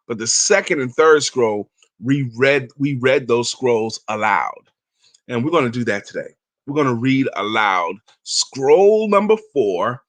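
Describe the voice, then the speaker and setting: A man in his fifties hosts a motivational talk in a mid-range, fairly bright voice with no room sound. He tells stories and reads aloud in an emphatic, chatty manner.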